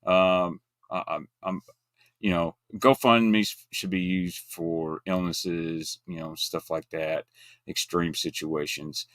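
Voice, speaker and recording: A man's voice: low voice, steady tone, takes it slowly, fairly bright tone, dry recording, studio quality. Blunt, folksy man. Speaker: guest co-host. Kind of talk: casual chat.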